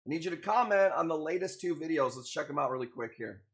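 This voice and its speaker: A man's voice: fairly high pitch, animated, fast. A man hosting a casual live stream, upbeat and greeting viewers by name as he chats. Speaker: live-stream host selling corals.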